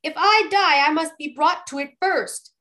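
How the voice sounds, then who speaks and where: A woman voicing a fearless, naive young man, bright and unbothered in every reply. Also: sits high, big pitch swings, measured pace, heavily acted. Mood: bold, cocky.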